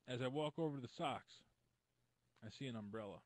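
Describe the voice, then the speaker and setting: A man in the middle of a casual story, blunt and wry, swearing freely. His voice sits at an ordinary pitch. He tells it like a regular on a comedy talk show. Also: a little fast, dry recording, rough recording.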